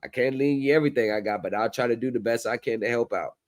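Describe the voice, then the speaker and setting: A man's voice: medium pitch, fast talker. A man hosting a livestream in casual chat, loose and profane in his banter. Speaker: livestream host.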